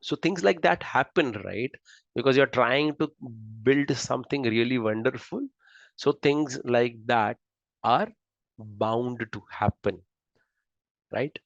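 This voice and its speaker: A man's voice: mid-range voice, slow, vocal fry, no room sound, muffled recording. A man with an Indian accent giving a slide lecture in a chatty, conversational way, often checking in with "right?". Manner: conversational, keeps asking "right?".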